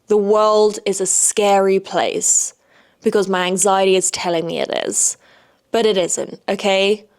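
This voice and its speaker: A woman's voice: mid-range voice, little pitch movement, measured pace. Blunt, sweary woman podcaster. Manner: blunt and frank, swears freely, repeats "okay?" for emphasis. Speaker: podcast host. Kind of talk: casual solo podcast monologue.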